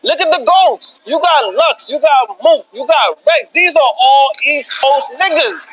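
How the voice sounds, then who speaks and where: A man's voice: extremely high pitch, expressive, a little slow, fairly bright tone, rough recording. A man in a casual podcast argument, combative and emphatic, stumbling and restarting as he pushes his point. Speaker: podcast guest.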